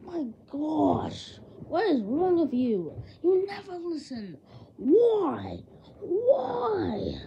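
A woman's voice: extremely high pitch, creaky, warm tone, a little hiss or hum, full character voice. A woman voicing a furious parent who scolds shrilly and repeats words, on a dull lo-fi home recording.

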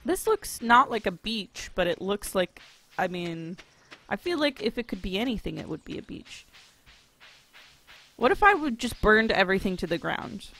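A woman's voice: medium pitch, very animated, normal speed, fairly bright tone. A woman commenting while playing a farming game, joking and swearing freely. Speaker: gamer. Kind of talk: let's play commentary.

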